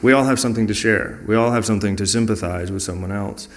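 A man's voice: fairly low pitch, quick pace. A man sharing personal stories in an earnest, reflective way during a conversational talk. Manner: earnest and reflective, acting out quoted dialogue.

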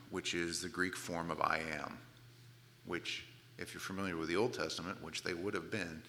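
A man preaching a sermon, retelling a scripture story with lively asides and acted-out moments. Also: low voice, creaky, big-room sound, a little hiss or hum. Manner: animated storytelling, acts out the scene, casual asides. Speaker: pastor.

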